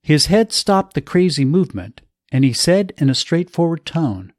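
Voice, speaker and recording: A man narrating a scripted story with a slow, measured reading style. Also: fairly high pitch, sing-song, darkish tone, dry recording, clean studio sound.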